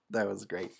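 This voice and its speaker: A man's voice: on the low side, gravelly, slightly rough. A man hosting a game stream, chatting playfully and apologetically with viewers and reading a story aloud, laughing often. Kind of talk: casual stream chat and storybook narration.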